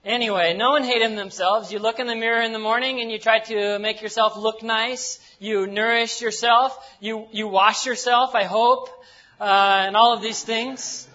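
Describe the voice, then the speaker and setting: A man's voice: high voice, fairly even intonation, moderate pace, bright, forceful tone, dull audio. A man from the United States preaching a sermon in a folksy, joking way, with simple words and repeated phrases. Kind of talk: sermon with jokes and Bible reading.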